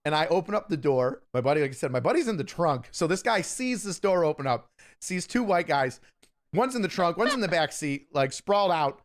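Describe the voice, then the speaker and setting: Animated man telling a story. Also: a little high, fairly quick. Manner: animated, acts out quoted people. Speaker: guest storyteller. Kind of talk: casual storytelling chat.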